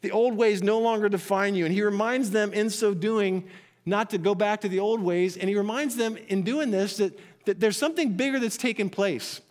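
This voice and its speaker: A man's voice: sits high, moderate pace. A man preaching a sermon from scripture, earnest and emphatic, often repeating phrases. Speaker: pastor.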